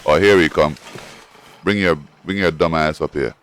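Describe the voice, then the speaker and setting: A man giving casual let's-play commentary, excitable and profane, trash-talking and calling to his in-game dog. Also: a bass voice, moderate pace, a little hiss or hum. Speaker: gamer and streamer.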